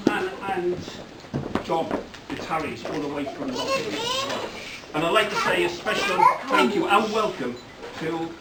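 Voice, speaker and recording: A middle-aged man giving a rambling, joke-filled father-of-the-bride speech at a wedding reception, breaking into loud bursts of praise. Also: fairly high pitch. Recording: echoey hall, from far off, loud background noise.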